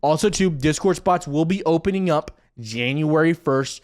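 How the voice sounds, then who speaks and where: A man's voice: a little high, normal speed, hardly any pauses, a little mellow. A young man hosting casual stock market commentary, talking straight to viewers over charts with joking asides.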